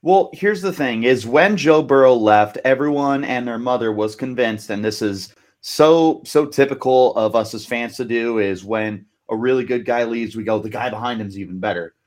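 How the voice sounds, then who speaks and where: Guy hosting a sports podcast, teasing, playful banter, regular pitch. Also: normal speed, hardly any pauses, a little mellow. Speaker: podcast host. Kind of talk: casual sports podcast chat.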